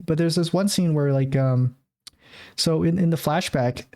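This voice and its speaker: A man's voice: on the high side, normal speed, a little mellow. A man co-hosting a casual movie review podcast, telling the story in a rambling way with lots of fillers. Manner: rambling, filler-heavy storytelling with frequent laughs. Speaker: podcast co-host.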